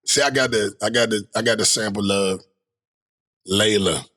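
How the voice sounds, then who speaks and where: A man's voice: on the low side, moderate pace, bright, forceful tone. A man from DC in casual podcast chat, talking emphatically and repeating points for stress. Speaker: podcast host.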